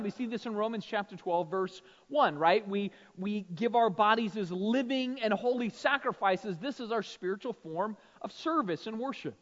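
A man delivers a sermon with a notably high pitch, talking conversationally to his congregation. He keeps adding "right?" to draw the room in. The sound is dull and lo-fi, and it echoes in a large hall. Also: fairly bright tone. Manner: conversational, frequent "right?" tag questions. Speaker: pastor. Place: church sanctuary.

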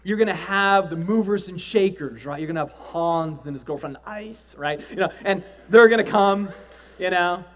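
A male pastor telling a story from the pulpit, moving from quiet, low-key retelling to loud, excited exclaiming. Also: normal speed, muffled recording. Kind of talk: sermon with storytelling.

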